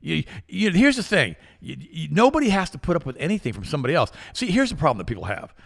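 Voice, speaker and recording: With a slightly high, rough voice and noticeable vocal fry, a fast-talking talk show co-host spins stories in opinionated casual conversation. He acts out the quoted voices with lively flair and repeats himself.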